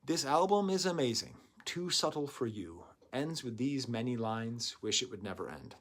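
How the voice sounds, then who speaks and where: A man giving a casual album review, rambling into excitable asides. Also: mid-range voice, normal speed, a little hiss or hum. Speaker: music reviewer.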